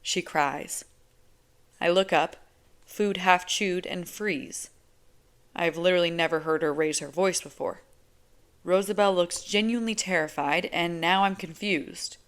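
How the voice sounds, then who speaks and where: A woman narrates a novel in first person, her voice sitting on the low side and her pace slow and unhurried. The reading is measured and conversational, never rushed. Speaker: audiobook reader.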